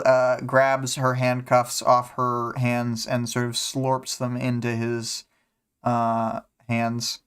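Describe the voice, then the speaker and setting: Male host, unhurried casual talker, clean resonant tone, filler-heavy delivery. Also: mid-range voice, a bit bright, clean tone. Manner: rambling, many fillers, hums to himself. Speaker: podcast host. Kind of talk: casual chapter discussion.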